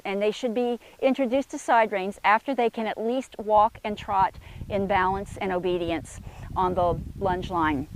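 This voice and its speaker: Lady horse trainer in an arena, mid pitch, calling commands to the horse and explaining as she goes. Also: no room sound, low-quality recording. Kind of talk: outdoor instructional demonstration. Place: outdoor arena.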